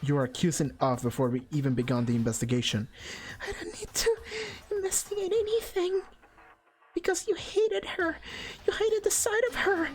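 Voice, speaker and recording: A woman voicing a hot-tempered athletic teenage girl in a video game, shouting accusations. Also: very high voice, moderate pace, soft background music, voice pushed up. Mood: furious.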